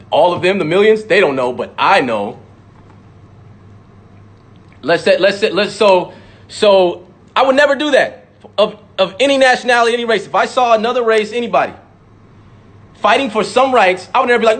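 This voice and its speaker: A man's voice: high-pitched, animated, fairly quick, a bit bright. A man giving a heated, profane monologue, repeating lines for emphasis and mocking imagined critics. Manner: mocks imagined critics in sudden voices. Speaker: rapper speaking out. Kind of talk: impassioned monologue.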